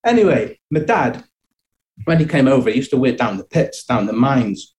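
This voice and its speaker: A man's voice: mid-range voice, sing-song, normal speed, darkish tone. A middle-aged man telling personal childhood stories in a reflective way, often chuckling and restarting his sentences. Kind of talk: personal storytelling.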